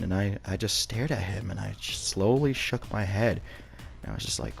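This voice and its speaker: A man's voice: low voice, lively intonation, normal speed, vocal fry, faint music behind. A young man casually telling a personal story, rambling with many restarts and some swearing.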